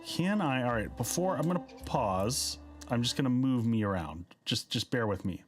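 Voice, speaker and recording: A man's voice: medium pitch, animated, moderate pace, faint music behind. A man playing a game live, chatting casually and reading the on-screen dialogue aloud in a playful way. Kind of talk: casual live-stream commentary.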